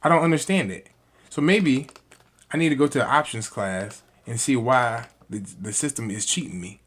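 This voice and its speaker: A young man giving a casual trading lesson over a screen share, excitable, calling his viewers "y'all" and swinging from hushed to loud and high when he gets worked up. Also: moderate pace, breathy edge. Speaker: trading educator.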